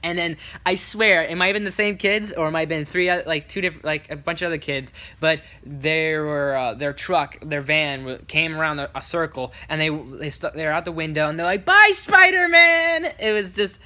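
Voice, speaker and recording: Male vlogger, bright, rambling storyteller, lively retelling with quoted voices. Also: a little high, a little fast, few pauses. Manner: rambling, full of restarts and fillers. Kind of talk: casual story time.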